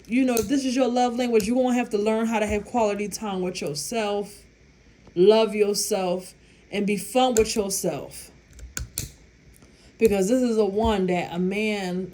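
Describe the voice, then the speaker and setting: There's slight background noise behind this woman's medium-pitched, somewhat mellow voice. Casually and bluntly advising viewers on relationships, she curses freely, speaks emphatically, and laughs at her own story.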